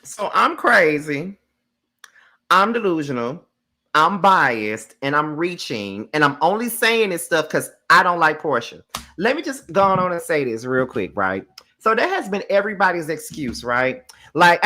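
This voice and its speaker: Low-voiced, lively woman ranting bluntly. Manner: blunt, profane and exasperated; emphatic, repeats her points. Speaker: reality TV reviewer. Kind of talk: casual live review rant.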